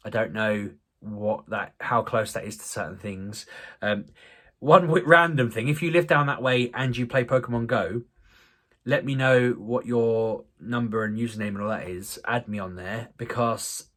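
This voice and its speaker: A man's voice: medium pitch, normal speed, fairly bright tone. A man, talking casually to camera in a rambling, self-deprecating way with many restarts. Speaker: vlogger. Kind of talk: casual vlog talk to camera.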